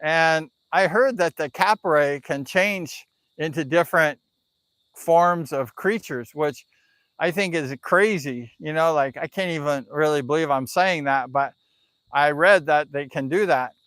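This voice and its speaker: A man with a slightly raised pitch tells a story casually on a live stream. He rambles, filling his sentences with "like" and "you know". His voice sounds dry and close, with no room echo. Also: measured pace, fairly bright tone.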